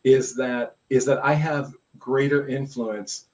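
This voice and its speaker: An older man from Brooklyn talks in a relaxed, conversational way, circling back and restarting his sentences. His pitch sits in the ordinary middle range for a man. He sounds like a seasoned school administrator sharing lessons from his career. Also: slow, poor audio. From Brooklyn, New York. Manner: rambling, restarts and many "you know" asides. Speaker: guest, veteran school administrator. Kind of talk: casual conversational storytelling.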